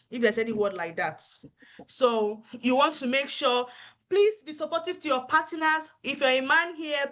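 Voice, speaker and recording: A woman with a fairly high voice speaks earnestly to fellow nurses. She encourages them and repeats her key points, like a mentor sharing hard-won advice. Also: sharp tone. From Africa. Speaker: nurse giving career advice. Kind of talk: motivational advice talk.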